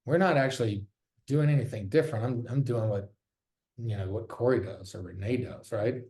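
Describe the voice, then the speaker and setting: A man's voice: medium pitch, normal speed, warm tone. A man who sells real estate, giving a casual, candid talk from his office, joking and swearing freely. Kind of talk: casual presentation. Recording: roomy echo.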